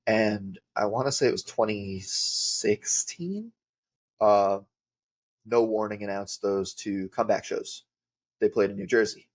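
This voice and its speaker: A man's voice: on the low side, measured pace. A man, a podcast guest telling rambling casual stories with lots of filler words. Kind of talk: casual storytelling.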